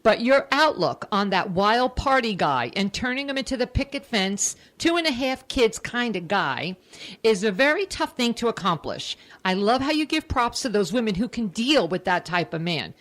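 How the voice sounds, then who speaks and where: A woman's voice: on the high side, very animated, a bit bright. Effusive older woman hosting a radio chat. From Long Island, New York. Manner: effusive, chatty, quick to exclaim. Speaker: radio show host. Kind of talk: casual radio interview chat.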